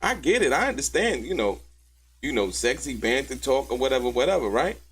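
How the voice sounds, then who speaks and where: A man's voice: mid-range voice, fairly quick, slight background noise. A man hosting a commentary show, talking emphatically and in slang about courtroom testimony and calling out to his viewers. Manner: animated, emphatic and slangy, calls out to viewers by name. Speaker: host and commentator. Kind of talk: commentary on trial testimony to a live audience.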